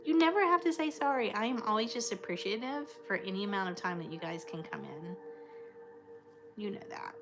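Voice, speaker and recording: A woman's voice: medium pitch, a little fast. A woman hosting a casual livestream, chatting affectionately with her viewers and using fond terms of endearment. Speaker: livestream host. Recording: clear music playing behind the voice. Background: background music.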